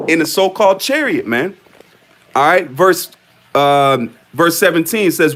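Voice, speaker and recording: A man talks through scripture in a fairly high voice, reading passages aloud. He repeats his questions and tacks "man" onto his phrases. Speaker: religious commentator.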